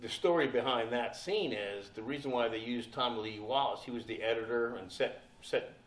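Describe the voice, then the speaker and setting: An older man telling stories on a convention panel, profane and animated, often laughing as he talks. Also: mid-range voice, moderate pace. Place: convention hall. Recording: echoey hall, from far off.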